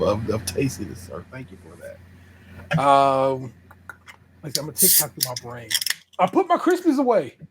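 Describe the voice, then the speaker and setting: A man's voice: medium pitch, noisy background. A man co-hosting a podcast in casual chat, laid-back and slangy, often laughing and repeating words. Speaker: podcast co-host.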